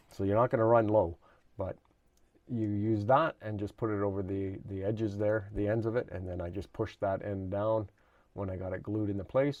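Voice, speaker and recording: A man with a fairly low, slightly hoarse voice talks through a model build at his workbench. He rambles casually, restarting sentences and filling pauses with "uh". The sound is dry and close. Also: a little mellow, no room sound, muffled recording. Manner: rambling, many fillers and restarts. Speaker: RC hobby channel host. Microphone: camera mic, at times handheld camera.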